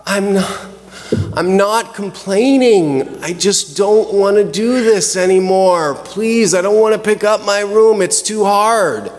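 A man's voice: sits high, takes it slowly. A man voicing a whiny young child who pleads to get out of chores, in a hall with long reverb. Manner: whining, pleading.

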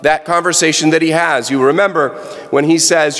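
A man's voice: a little high, fairly quick, a bit bright. A man preaching a sermon as a pastor, talking in a conversational way and correcting himself as he goes. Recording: long reverb.

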